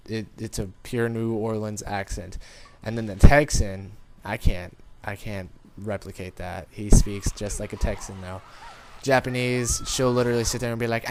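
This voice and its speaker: A man with a fairly low voice talks through a game in casual commentary. He rambles in an informal way and speaks directly to his viewers. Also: moderate pace, a little mellow, a little hiss or hum. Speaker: gaming commentator.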